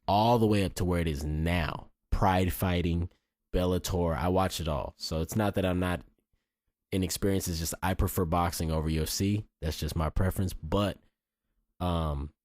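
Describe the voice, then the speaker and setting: A man with a very low voice delivers casual fight predictions, blunt and boastful, tripping over his own restarts as he goes. The sound is close and dry, with no room around it. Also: a little mellow, dry recording. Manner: blunt, boastful and cocky, with frequent restarts and mild swearing. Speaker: fight commentator and video host.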